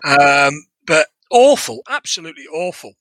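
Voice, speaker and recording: A man's voice: fairly high pitch, sing-song, moderate pace, a bit bright, no room sound. A man in his thirties co-hosting a podcast, chatting casually about a film in a rambling, sweary, exasperated way with many restarts. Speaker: podcast co-host. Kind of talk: casual comedic film review chat.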